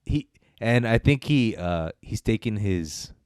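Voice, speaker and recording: A man with a low, smooth and resonant voice talks loosely through a film review, and he often circles back with fillers and restarts. The sound is dry and close, with no room echo. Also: animated, measured pace, darkish tone. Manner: rambling, hesitant, many fillers and restarts. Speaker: podcast co-host reviewing films. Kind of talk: casual chat.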